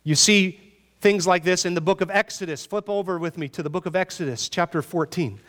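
A man preaching a sermon in an animated, conversational way, asking his listeners rhetorical questions. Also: high-pitched, fairly quick, big-room sound. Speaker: pastor.

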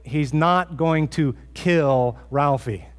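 A man putting on the high voice of a mother calling for her young son during a sermon story. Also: takes it slowly, long reverb tail. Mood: reassuring.

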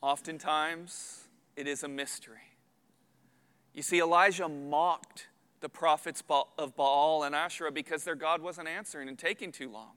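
A man in his thirties preaching a sermon as a pastor, earnest and building to loud emphatic peaks. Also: a little high, fairly even intonation, normal speed, clean tone. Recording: long hall reverb.

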